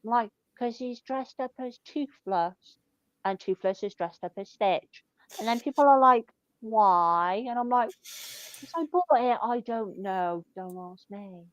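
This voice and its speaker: A young woman in her twenties chats casually, blunt and deadpan, peppering her stories with swearing. The sound is dull and lo-fi, close and dry with no room around it. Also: a little high, measured pace, no echo. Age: 20s. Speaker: shop worker telling stories. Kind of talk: casual chat.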